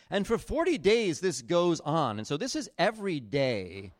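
A man preaching a sermon, retelling a Bible story in a casual, animated way with acted-out quotes. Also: on the high side, normal speed, hardly any pauses, no room sound, studio quality. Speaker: pastor.

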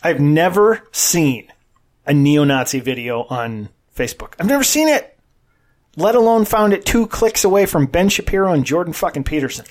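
A man's voice: on the high side, expressive, moderate pace. Blunt, profane man on a podcast. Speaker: podcast co-host. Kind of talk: casual political podcast chat.

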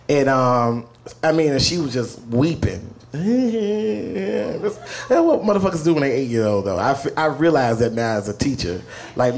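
Animated, profane male storyteller. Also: fairly high pitch, normal speed, slight background noise. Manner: profane, animated, laughs mid-sentence. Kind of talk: live comic storytelling.

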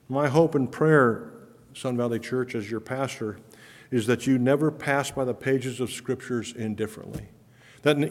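A pastor delivers a sermon to his congregation in an earnest, emphatic way, his voice rising when he dwells on awe and wonder. His man's voice sits at a middle pitch. It rings out in a church sanctuary with a long, lingering reverb. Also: moderate pace.

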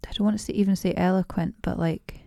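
Hesitant Scottish woman, low and flat. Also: fast talker, gravelly, dry recording, studio quality. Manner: hesitant, many restarts and fillers, laughs often. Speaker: podcast guest. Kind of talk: casual interview conversation.

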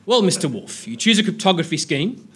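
A man's voice: sits high, sing-song, a little fast, fairly bright tone, a little hiss or hum. A man doing a pompous starship captain. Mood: explaining. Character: commanding male starship captain, brisk and pompous.

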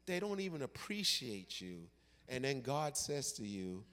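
A male pastor delivering a sermon with dramatic storytelling that swings from loud to hushed. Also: medium pitch, sing-song, a little slow, long reverb tail.

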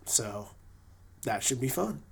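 Rambling through a casual podcast conversation full of fillers and restarts, this co-host from New England speaks slowly. His medium-pitched voice swings widely and sounds creaky with a breathy edge.

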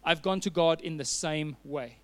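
A man's voice: on the high side, moderate pace. A man preaching a sermon as a pastor, telling a personal story with earnest fillers and restarts.

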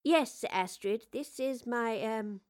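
A woman doing a gentle, unhurried lady professor. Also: fairly high pitch. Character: kindly, careful woman professor and inventor.

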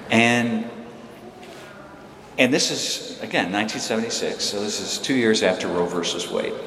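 A man's voice: on the low side, normal speed. A man in his sixties preaching a sermon, telling a personal story with emphatic, fervent peaks. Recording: echoey hall with room noise.

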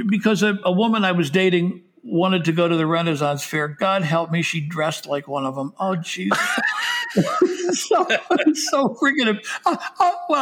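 A man's voice: sits high, a bit bright. A middle-aged man, the guest, telling self-deprecating anecdotes in a rambling way, with frequent restarts and laughter. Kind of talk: anecdotal storytelling.

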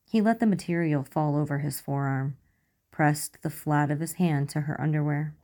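A woman narrating romance fan fiction aloud in a measured, soft storytelling manner. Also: deep voice.

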